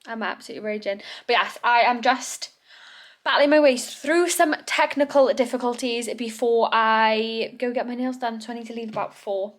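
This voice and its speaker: A young woman from England chatting casually in her vlog, rambling and talking to her dogs now and then. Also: a little high. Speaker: vlogger.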